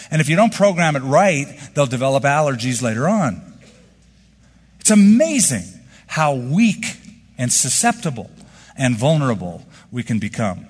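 A man's voice: mid-range voice, big-room sound. A man preaching a sermon with emphatic delivery and rhetorical questions. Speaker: pastor.

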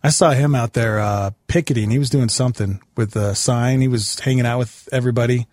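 A man hosting a live radio show, teasing his co-hosts in a deadpan way in casual studio banter. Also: medium pitch, brisk, no room sound. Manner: teasing, deadpan, then loud hype.

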